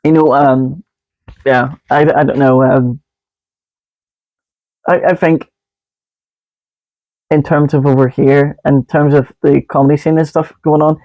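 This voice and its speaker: A man's voice: on the high side, little pitch movement, measured pace, pauses often, no room sound, muffled recording. A man co-hosting a podcast, joking in a casual chat, laughing often and going off on rambling asides. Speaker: podcast co-host.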